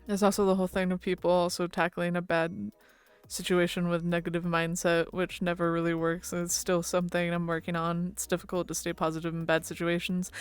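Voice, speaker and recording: A woman's voice: on the low side, clear, resonant tone. A woman streamer chatting casually with her viewers, rambling and laughing often into a close mic.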